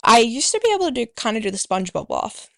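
A woman's voice: fairly high pitch, very animated, fast talker, creaky, dry recording, studio quality. A young Australian woman hosting a radio show, talking casually in a rambling, self-deprecating way. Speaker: community radio host.

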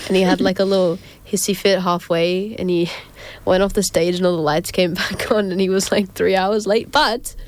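A young woman hosting a casual radio show, chatty and rambling, often giggling and filling gaps with ums. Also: medium pitch. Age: young adult. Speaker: community radio host. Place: radio studio.

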